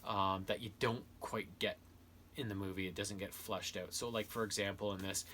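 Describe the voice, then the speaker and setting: A man with a fairly low but bright, forceful voice talks through a book review in a loose, rambling way. He piles on fillers and restarts his sentences often. A faint background noise sits under his voice. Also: steady tone, moderate pace. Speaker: video host reviewing books and games. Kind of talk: casual spoken review.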